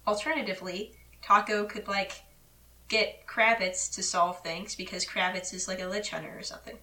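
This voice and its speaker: Woman podcast co-host, bright and sharp tone, slightly distant mic, playful and excitable. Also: mid-range voice, normal speed. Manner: laughs often, teasing and excitable. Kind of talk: casual fan podcast chat.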